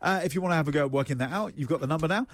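A man's voice: on the high side, rapid-fire, dry recording. A man with a British accent co-hosting a morning radio show, joking and bantering playfully. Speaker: radio co-host. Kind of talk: casual morning radio chat.

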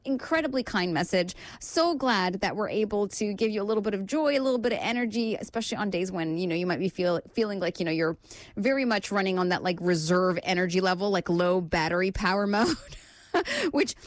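A young woman hosting a radio show, chatting warmly and upbeat with frequent filler words as she reads listener messages. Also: mid-range voice, expressive, a little fast, no echo. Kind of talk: casual chat reading listener messages.

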